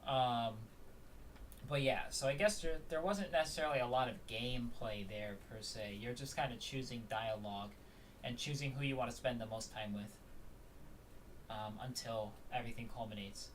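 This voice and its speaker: A man's voice: mid-range voice, normal speed, recorded from a distance, slight background noise. A man chatting casually while streaming a story game, rambling with plenty of ums and the odd curse. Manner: rambling, lots of ums and swearing. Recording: loud game music, voice off-mic.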